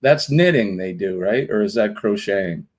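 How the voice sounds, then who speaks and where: Brief: male livestream host, low voice, easygoing and chatty, greets the chat one name at a time. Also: animated, normal speed, rough recording. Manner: rambling, greeting viewers one by one. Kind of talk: casual live-stream chat.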